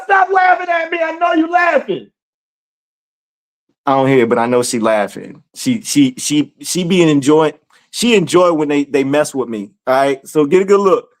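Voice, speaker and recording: A man hosting an online community chat, telling stories in a teasing, laughing, animated way. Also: sits high. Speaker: community study host. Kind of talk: casual livestream chat.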